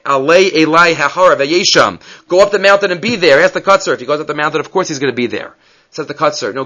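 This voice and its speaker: A man's voice: a little high, bright, forceful tone, muffled recording. A man teaching an evening text study class, reading passages aloud and then explaining them with rhetorical questions. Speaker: Torah teacher.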